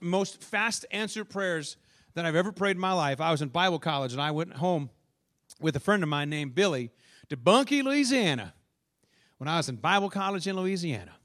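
A man's voice: on the high side, a bit bright. A male pastor from the northern United States preaching a sermon in church, telling stories and asking the congregation questions.

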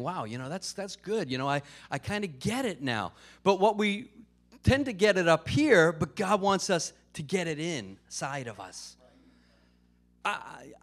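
A man preaches a conversational sermon, peppering it with casual fillers and jokes. His slightly high voice rises and falls with lively, animated swings. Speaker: pastor.

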